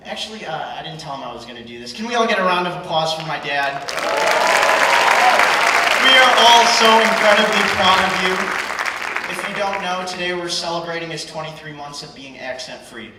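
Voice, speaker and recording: A young man in his twenties performing stand-up comedy, working the crowd with punchy, ironic delivery. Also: mid-range voice. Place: large hall at a live culture show. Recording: echoey hall, far from mic, crowd noise. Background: audience reactions and hall ambience.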